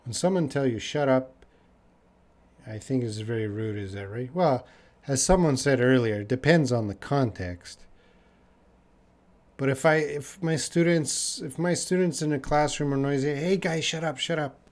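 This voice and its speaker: With a medium pitch and a darkish tone, a young man from Canada gives a live English lesson, answering chat questions in a casual manner. He repeats phrases slowly to help learners.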